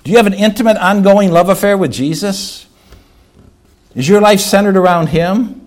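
A male pastor preaching a sermon, swinging between loud exhortation and hushed appeals, asking rhetorical questions and slowing down on key words. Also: sits high.

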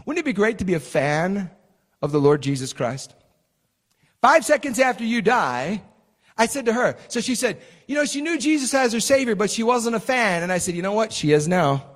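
A high-pitched man preaching a sermon in a church with a long, ringing echo. He talks like he's telling stories to friends, tossing in "right?" every few lines. He then breaks into loud, shouted bursts of excitement. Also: moderate pace. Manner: chatty storytelling that bursts into shouted exclamations; keeps asking the crowd "right?". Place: church sanctuary. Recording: long hall reverb.

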